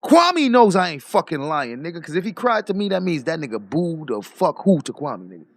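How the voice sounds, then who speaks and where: High gravelly man ranting profanely. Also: a little fast, dry recording, clean studio sound. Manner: profane, animated storytelling with frequent laughs. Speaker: streamer. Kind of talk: casual rant.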